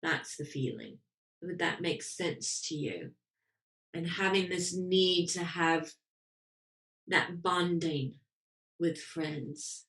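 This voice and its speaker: A woman's voice: fairly low pitch, slow pace, long pauses, echoey room, far from the mic. A woman medium giving readings and teaching in a live online class, laughing easily and quoting spirit messages with feeling. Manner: warm, laughing, emotional, quotes spirits in lively voices. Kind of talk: live reading and Q&A on a video call.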